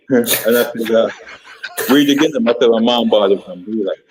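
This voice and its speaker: A former football player, a man, telling a story in casual podcast chat and acting out a yelling coach. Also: lowish voice, fairly quick, noisy background. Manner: animated storyteller, acts out his coach's yelling.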